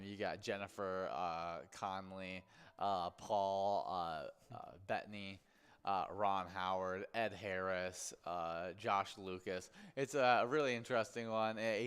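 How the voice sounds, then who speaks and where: Man, low pitch, smooth clear voice, casual livestream host, halting reading, lots of fillers. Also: fairly bright tone. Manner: halting, many fillers and restarts while reading aloud. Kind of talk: casual chat reading celebrity birthdays.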